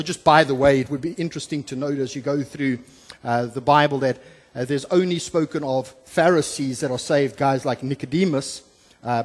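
A man preaching as a pastor, explaining scripture verse by verse, with frequent "uh" fillers and restarts, swinging between emphatic and soft, low delivery. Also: breathy edge, big-room sound. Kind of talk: sermon. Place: church sanctuary.

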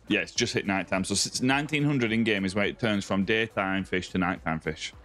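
An Australian man with a fairly low voice chats loosely through a game live stream, greeting viewers one after another as mate and buddy. Faint music plays underneath from his home setup. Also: fairly bright tone. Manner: friendly, greets viewers by name, calls them mate and buddy. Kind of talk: casual live-stream chat reading viewer comments.

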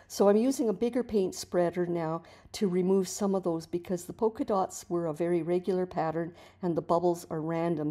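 Low, mellow-voiced woman teaching art. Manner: chatty and encouraging, with frequent restarts. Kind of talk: relaxed tutorial narration over painting.

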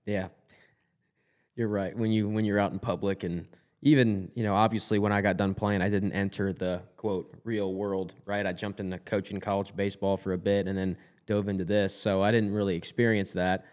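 A man's voice: lowish voice, flat delivery, moderate pace, a little mellow. A man co-hosting a podcast, a former player and coach, talking in a blunt, fired-up way and swearing freely. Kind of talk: casual podcast chat.

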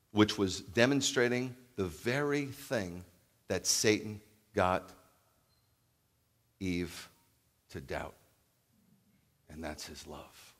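A man preaching a sermon as a rabbi, animated, acting out loud calls and then dropping to a hushed voice. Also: on the low side. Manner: animated, acts out calls and shouts, then drops to near-whisper. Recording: long hall reverb.

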